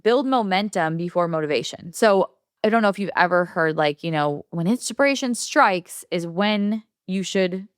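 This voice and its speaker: Chatty low-voiced woman podcast host. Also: animated, normal speed, clear, resonant tone, no echo, studio quality. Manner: chatty, upbeat, heavy use of "like", laughs often. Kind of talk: casual solo podcast advice.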